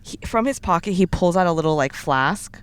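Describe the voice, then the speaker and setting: Young woman, podcast co-host, animated storytelling, lively pitch, smooth clear voice. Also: a little fast. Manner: animated storytelling, many fillers. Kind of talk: casual chat.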